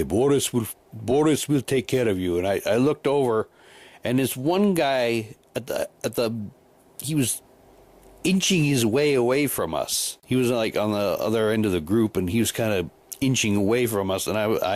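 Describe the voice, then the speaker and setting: A man tells a casual story in a somewhat low voice. He rambles, restarts sentences and repeats words as he goes. At times his voice sinks lower and softer. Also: lively intonation, normal speed. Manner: drops to a quieter, lower voice for long stretches. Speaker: haunted house volunteer actor.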